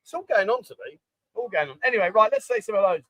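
High-voiced man hosting a rambling livestream. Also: animated, quick pace, fairly bright tone, no room sound, poor audio. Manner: rambling, jokey, reads out viewer comments. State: hungover. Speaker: livestream host. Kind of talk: casual chat. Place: bar, indoors, construction banging nearby. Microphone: microphone.

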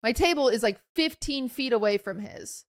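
A woman's voice: a little high, animated, moderate pace. A young woman co-hosting a podcast, telling a story in a casual chat and acting out quotes with lots of fillers. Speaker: podcast co-host.

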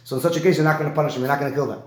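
A man teaching a Talmud lesson, explaining Rashi and checking in with his student with a quick "right?". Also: on the high side, steady tone. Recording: echoey room.

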